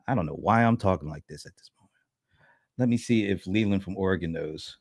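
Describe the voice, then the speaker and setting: A man hosting a live-stream panel chat, animated and playful, teasing his co-hosts. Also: lowish voice, fairly quick. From East Coast of the United States. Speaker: host.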